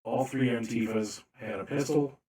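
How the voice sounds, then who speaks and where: A man narrating a tabletop game as game master, slow and deliberate with frequent fillers. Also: medium pitch, fairly even intonation, warm tone, roomy sound.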